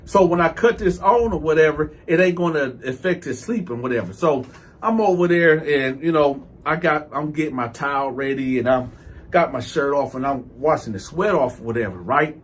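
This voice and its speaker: A man telling a story in a casual, animated way, with profane street slang and loud outbursts. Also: fairly high pitch, normal speed, a little hiss or hum. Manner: animated, breaks into loud outbursts when quoting himself. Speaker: storyteller host.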